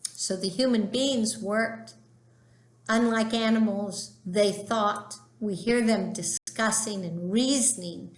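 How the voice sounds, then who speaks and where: A woman's voice: mid-range voice, slow, reverberant. A woman teaching literature in a chatty, emphatic lecture style. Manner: chatty, emphatic, acts out quoted dialogue. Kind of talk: informal lecture.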